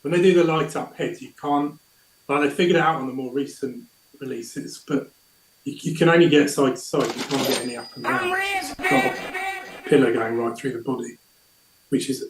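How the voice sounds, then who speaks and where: A man from South East England talks casually on a livestream, a little hesitant, restarting and repeating himself. His mid-pitched voice sits in a roomy echo from a video-call mic. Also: big pitch swings, moderate pace, slight background noise. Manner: rambling, hesitant, with repeated words. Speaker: guest on a livestream. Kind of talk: casual chat.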